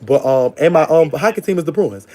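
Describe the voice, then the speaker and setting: A man talks quickly in a mellow, dark tone. He rambles bluntly through stories and calls his callers "baby.". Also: on the high side, lively intonation. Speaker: call-in show host. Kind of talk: casual live call-in chat.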